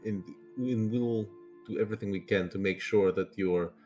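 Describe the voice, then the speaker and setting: A man voicing a formal, courteous government official with measured phrasing. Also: fairly low pitch, fairly even intonation, a little mellow, faint music behind, lightly acted. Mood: reassuring.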